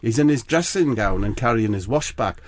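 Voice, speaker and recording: Animated, rambling comic storyteller man. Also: mid-range voice, a little fast, no echo. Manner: rambling and animated, with sweary asides. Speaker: comedy podcast co-host.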